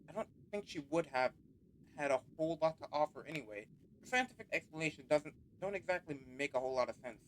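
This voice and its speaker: A man's voice: fairly high pitch, animated, quick pace, fairly bright tone, a little hiss or hum. A man casually commenting while playing a game, rambling with many "like"s and unsure guesses. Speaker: game streamer. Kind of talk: casual let's-play commentary.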